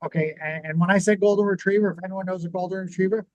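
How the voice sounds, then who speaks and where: A man co-hosting a business talk show, teaching in a lively conversational way and acting out what people would say. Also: high voice, rapid-fire, dry recording, lo-fi sound. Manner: animated, acts out quoted reactions. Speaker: podcast co-host.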